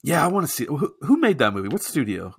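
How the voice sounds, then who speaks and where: A man's voice: fairly high pitch, wildly swooping pitch, fast, creaky, husky. A man co-hosting a comedy podcast, talking loosely and casually with plenty of swearing. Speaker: podcast co-host. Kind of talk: casual chat.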